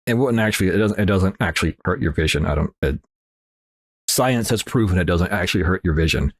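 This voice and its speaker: A let's play host with a low, lively voice casually talks through a horror game at a slightly quick pace, rambling, joking at his own expense, and answering back to the game. He sounds a bit nasal after sneezing; the studio-quality audio has no echo.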